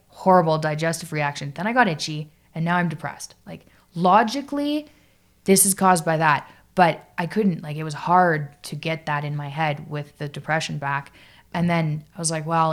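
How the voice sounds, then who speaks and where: A woman with a low voice speaks as a podcast guest. She tells her story casually, in a halting way, full of fillers and "like". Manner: halting, filler-heavy, lots of "like".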